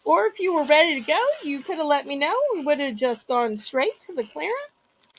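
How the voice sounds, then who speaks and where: In this live-stream selling chat, a woman hosting an online auction talks at a normal speed in a high voice with lively intonation and a fairly bright tone. She keeps up folksy, chatty patter while saying her voice is wearing out, and she is in fact losing it.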